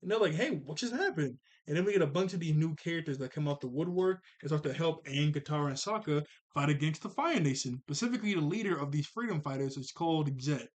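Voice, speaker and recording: A man hosts a casual review of a cartoon episode, retelling it scene by scene. His voice sits a little higher than most men's, and he rambles, chuckles and corrects himself as he goes. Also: fast talker, hardly any pauses.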